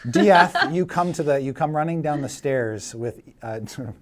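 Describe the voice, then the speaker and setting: A middle-aged man narrating as game master in a tabletop game, vivid and laughing with filler pauses. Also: a little high, lively intonation. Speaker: dungeon master.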